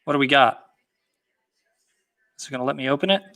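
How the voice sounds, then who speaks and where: A man's voice: mid-range voice, fairly quick, pushed and bright. A man hosting a casual livestream, hyped and boastful, talking in slang and answering viewer comments.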